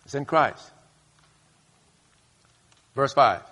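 A male pastor preaching a sermon, leading the congregation in call-and-response and rising to loud, high bursts. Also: extremely slow. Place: church sanctuary. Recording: long hall reverb.

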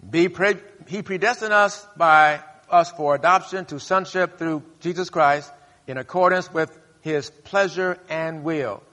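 A male pastor preaching a sermon, leading the congregation in call-and-response and rising to loud, high bursts. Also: a little slow. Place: church sanctuary. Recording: long hall reverb.

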